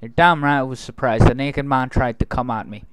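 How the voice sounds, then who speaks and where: A man's voice: medium pitch, steady tone, fairly quick, smooth, no echo. A man recording let's play commentary, joking and talking back to the game's characters. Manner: jokey, talks back to game characters. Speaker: gaming video host.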